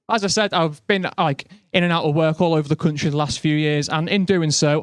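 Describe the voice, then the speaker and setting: Brief: young Scouse comic, fairly high voice, chatty and self-mocking stand-up, dry sound. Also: male voice, moderate pace, smooth, no echo. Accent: Liverpool. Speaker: stand-up comedian. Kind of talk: stand-up comedy set.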